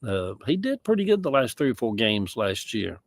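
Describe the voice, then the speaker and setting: Out in a yard, a man from the American South with a Southern accent rambles in a folksy, casual livestream chat, tossing in chuckling asides. His mid-range, creaky voice swings widely in pitch at normal speed, and there's no room sound.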